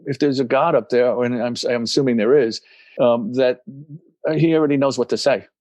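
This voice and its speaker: An older man rambles through stories as an interview guest, slipping into other people's voices along the way. His voice sits in a middle pitch. The sound is dry and close. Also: normal speed, dry recording. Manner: rambling, animated, acts out voices in anecdotes. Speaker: guest, musician and recovery coach. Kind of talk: casual interview storytelling.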